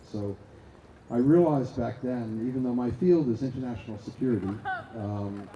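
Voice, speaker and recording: A man's voice: on the low side, dark tone, a little hiss or hum. An older man from Boston with a Boston accent, giving a conference talk at a stand microphone with many fillers and restarts. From Boston area. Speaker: conference speaker. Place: lecture hall. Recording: roomy hall, faint ambience.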